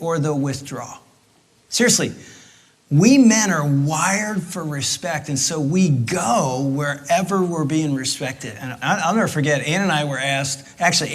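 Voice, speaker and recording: A middle-aged man, a pastor teaching on marriage, telling stories with jokes and sudden jumps in loudness. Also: a little high. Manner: animated storyteller, jokey, big swings in volume. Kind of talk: sermon-style marriage teaching with his wife.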